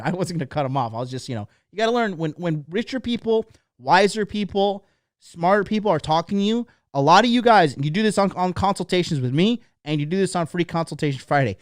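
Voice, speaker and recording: A man's voice: fairly high pitch, animated, fast, no room sound, clean studio sound. A man in his thirties, a dating coach telling a rambling story in a blunt, profane motivational monologue.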